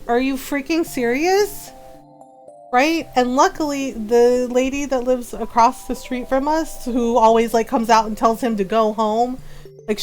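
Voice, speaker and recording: A woman hosting a livestream, talking in a heated, emphatic way and repeating her points. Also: fairly high pitch. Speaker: livestream gamer host. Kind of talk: casual livestream chat.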